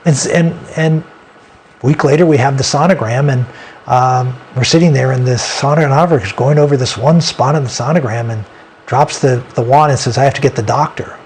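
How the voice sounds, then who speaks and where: A man as an interview guest, telling a personal story in an earnest, halting way with frequent restarts. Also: medium pitch, a little mellow, slight background noise.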